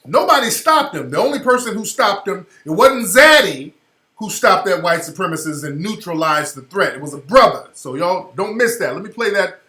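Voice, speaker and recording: Commenting on a video clip for his radio show, a man speaks in an emphatic, slangy way and grows loud when worked up. He has a high voice with big pitch swings, a moderate pace, and an echoey, roomy recording.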